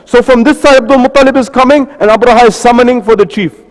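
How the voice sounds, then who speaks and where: A high-pitched male preacher giving a storytelling sermon, recorded in a reverberant mosque hall. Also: fast. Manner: storytelling with repeated phrases and lists.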